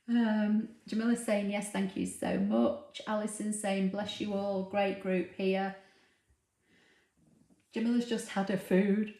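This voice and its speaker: Host: woman, relaxed and chatty, reading out comments in a roomy, echoey home room. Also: medium pitch, slow, pauses often. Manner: chatty, relaxed, with frequent ums and laughs. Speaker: craft livestream host. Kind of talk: casual live chat, reading viewer comments aloud. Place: home room with a dog nearby.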